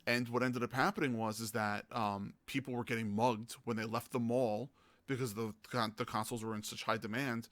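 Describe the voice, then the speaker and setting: A man hosting a gaming podcast, telling stories in a casual, animated way and acting out the people he quotes. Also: medium pitch, fairly quick, no echo. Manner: animated, acts out quoted voices. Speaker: podcast host. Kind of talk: casual storytelling chat.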